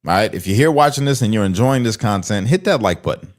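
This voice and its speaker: A man with a slightly low voice hosts a casual reaction video. He is blunt and mocking, and he talks straight to his audience. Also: animated, quick pace.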